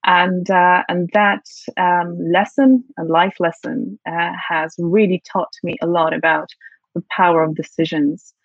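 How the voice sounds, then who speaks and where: A woman from Poland talks reflectively as an interview guest, full of fillers, in British English marked by her Polish first language. Her voice is on the low side, flat and measured, recorded muffled with no echo.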